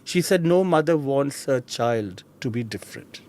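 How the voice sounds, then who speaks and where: A man's voice: medium pitch, normal speed. Indian man telling his life story. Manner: animated, mimics voices of people in his stories. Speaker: interview guest. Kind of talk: personal storytelling.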